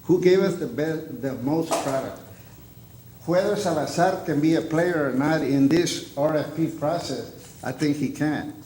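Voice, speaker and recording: A man with a mellow, dark voice argues his case at a board meeting. He speaks insistently, with halting restarts. The room is echoey and a faint ambient hum runs underneath. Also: a little high. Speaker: public commenter at a board meeting. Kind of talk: public comment at a board meeting.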